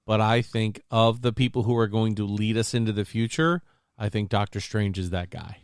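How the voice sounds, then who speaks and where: A man co-hosting a casual podcast chat about movies and games, excitable and quick to act out quotes. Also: smooth, no echo, studio quality. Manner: excitable, acts out quotes in big high voices. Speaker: podcast co-host.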